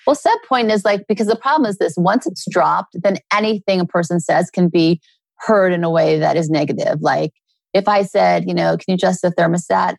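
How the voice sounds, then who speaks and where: A middle-aged woman, a guest author, talking earnestly in a relaxed interview and telling personal stories. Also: lowish voice, normal speed, vocal fry, no room sound. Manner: earnest, storytelling with acted quotes.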